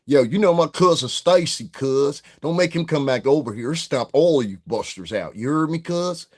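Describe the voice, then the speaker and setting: A man doing a tough young street gangster with a Southern California accent, talking menace in slangy bursts. The voice is pushed higher and louder than a plain speaking voice. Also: animated, normal speed. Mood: menacing.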